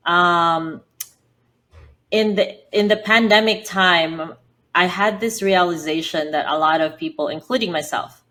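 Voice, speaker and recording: A woman from the Philippines talks in a fairly low voice with a Filipino accent. She answers interview questions earnestly, explaining things step by step with frequent fillers. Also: measured pace, bright, forceful tone. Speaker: podcast guest, business founder.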